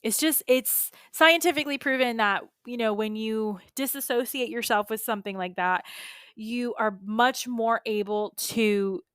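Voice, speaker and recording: Slow, smooth-voiced woman coach. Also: a little high, a bit bright, no echo, studio quality. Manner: casual, earnest and emphatic, with frequent asides. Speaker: beauty industry coach and podcast host. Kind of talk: solo podcast teaching talk.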